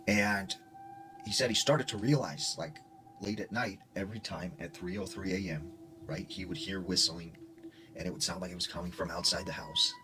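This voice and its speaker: A man's voice: low voice, wildly swooping pitch, moderate pace, background noise. A man casually telling a ghost story in a rambling way, full of fillers. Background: music.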